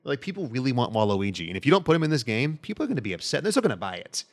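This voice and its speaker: Animated, opinionated man co-hosting a podcast. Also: mid-range voice, racing. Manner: opinionated, animated, laughs often. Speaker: podcast co-host. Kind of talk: casual chat.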